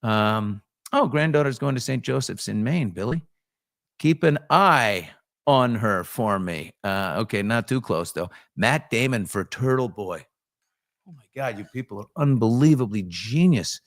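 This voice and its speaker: A man's voice: medium pitch, lively intonation, moderate pace, creaky, dry recording, clean studio sound. A man hosting a casual chat show, reading viewer comments off the cuff with frequent ums and restarts. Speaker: host.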